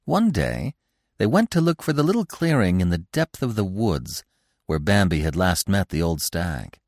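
Man, storybook narrator, deep voice, lively expressive reading, dry close sound. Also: moderate pace, no echo. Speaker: audiobook narrator.

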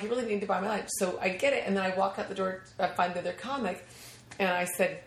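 A woman's voice: mid-range voice, fast talker, roomy sound. A woman comedian in her thirties telling stories in casual chat, acting out other people's voices and laughing often. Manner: animated, acts out quoted voices, laughs often. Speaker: comedian guest.

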